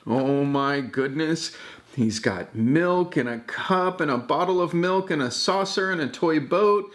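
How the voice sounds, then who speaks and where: Animated and a little slow, a grandfather with a highish voice reads a picture book aloud to a child, gently and affectionately calling out and pointing to the pictures.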